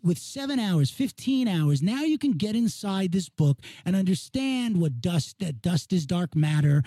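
Emphatic high-voiced man chatting. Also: mellow, no room sound. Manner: emphatic, enthusiastic, repeats himself. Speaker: podcast co-host. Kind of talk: casual chat.

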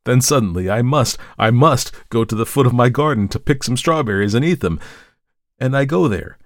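A man giving a dramatic first-person story reading, intense, swinging between hushed dread and anguished outbursts. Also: mid-range voice, expressive, normal speed, no room sound, studio quality. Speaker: story reader.

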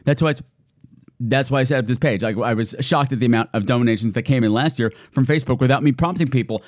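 A podcast host reads out thank-you shout-outs in a playful, giddy manner, adding hammy announcer flourishes. His mid-range voice moves at a quick pace, recorded in studio quality without echo.

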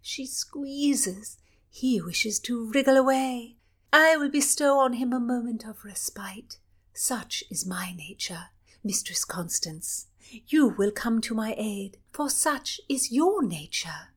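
A woman voicing a playful, flighty young princess in a storybook reading, with a cooing, dreamy, drawn-out delivery. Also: a little high, animated, husky, voice pushed up, full character voice. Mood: teasing.

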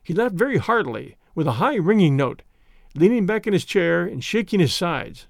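A man narrating a classic story as an audiobook reading, measured and expressive. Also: high-pitched, gravelly, dry recording, clean studio sound.

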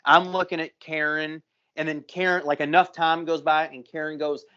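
A man's voice: a little high, moderate pace. A man co-hosting a podcast, telling a long story in casual chat, cursing often and acting out the people in it. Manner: profane, animated storyteller. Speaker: podcast co-host. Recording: muffled lo-fi audio.

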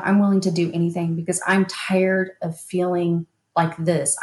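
A woman's voice: on the low side, darkish tone. A woman guest, a hypnotherapist and mindset coach, frankly and emphatically telling her own story in an interview, with bursts of laughter. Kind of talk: candid personal storytelling in an interview. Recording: roomy echo.

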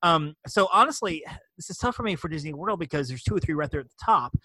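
A man's voice: fairly high pitch, animated, fast, bright, forceful tone, breathy edge, no echo. A middle-aged man co-hosting a podcast, chatting casually and rambling enthusiastically, with many restarts and fillers. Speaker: podcast co-host. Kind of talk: casual chat.

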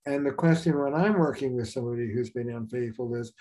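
A man's voice: medium pitch, a little fast, dark tone, a little hiss or hum. An older man, a marriage therapist, talking frankly in a casual interview, telling stories with many fillers and restarts.

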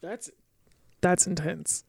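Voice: medium pitch, fairly even intonation, slow, creaky, dry recording, studio quality. Hesitant speaker in casual chat. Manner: hesitant, restarts often.

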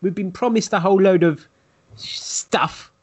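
A man co-hosting a casual podcast, talking in a measured, slightly doubtful way. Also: high voice, a little mellow, husky. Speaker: podcast co-host.

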